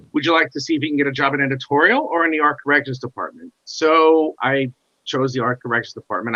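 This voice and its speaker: Animated storytelling man, bright lo-fi sound. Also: on the high side. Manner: animated, acts out quoted dialogue. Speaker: guest comic artist. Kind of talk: casual interview storytelling. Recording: dull lo-fi sound.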